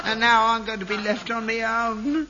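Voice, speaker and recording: A man's voice: very high voice, flat delivery, normal speed, highs cut off, background noise. An actor playing a selfish, cantankerous elderly father, grumbling and blunt, in an old sitcom recording. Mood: self-pitying. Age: older. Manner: grumbling and self-pitying, blunt.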